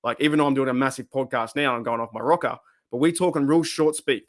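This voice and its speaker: A man's voice: medium pitch, fast talker. An Australian man hosting a live sports podcast, fired up and rambling as he reads chat comments aloud. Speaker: podcast host.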